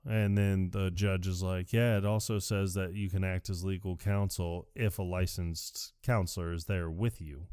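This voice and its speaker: A man on a podcast talks through a movie scene by scene, slipping into quick impressions of the characters as he goes. His voice sits a little low and the sound is close and dry, with no room around it. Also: clear, resonant tone, no echo. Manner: animated retelling, acting out lines in quick voices. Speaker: podcast co-host. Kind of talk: casual movie recap chat.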